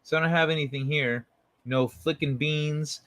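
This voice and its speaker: A man's voice: on the high side, fairly even intonation, moderate pace, fairly bright tone, no echo. A man hosting a late-night livestream from his bed, chatting loosely with viewers and reading their messages aloud. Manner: rambling, laid-back, talks to chat by name. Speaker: livestream host reading chat. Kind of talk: late-night casual chat. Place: at home in bed.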